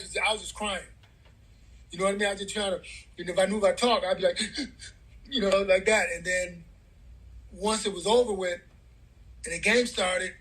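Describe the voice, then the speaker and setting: Man, high voice, bright tone, casual interview storytelling, middle-aged. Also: poor audio. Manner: casual, loose, repeats "man" and "bro". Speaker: guest.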